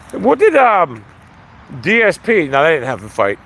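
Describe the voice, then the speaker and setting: High-voiced man ranting on a live stream. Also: a bit bright, a little hiss or hum. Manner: profane, ranting. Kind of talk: casual live-stream chat. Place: outdoors.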